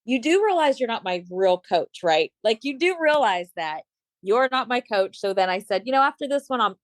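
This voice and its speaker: A woman's voice: fairly high pitch, lively intonation, moderate pace, no echo. A woman in her late thirties or forties, a bodybuilder and fitness coach, chatting casually as a podcast guest and acting out quoted conversations as she tells stories. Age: late 30s or 40s. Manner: chatty storyteller, acts out quoted dialogue. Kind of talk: casual chat.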